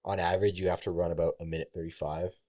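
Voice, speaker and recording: A man's voice: low voice, rapid-fire. A young man, a college baseball player, guest on a podcast, telling a story casually and acting out what people said, with plenty of swearing. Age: young adult. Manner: animated, acts out quoted voices, swears freely.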